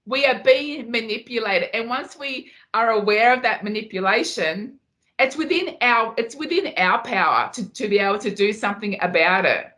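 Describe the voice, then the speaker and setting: Here the same Muay Thai fighter sounds a little high and fairly bright, expressive at a normal pace. As a podcast guest in a casual interview, she speaks with passion and tends to repeat herself when driving a point home.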